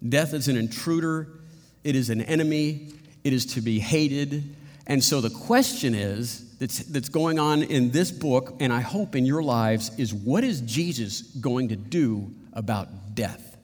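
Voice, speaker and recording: A middle-aged man preaching a sermon as pastor, earnest and halting, with frequent restarts. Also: medium pitch, animated, darkish tone. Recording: long reverb of a hall.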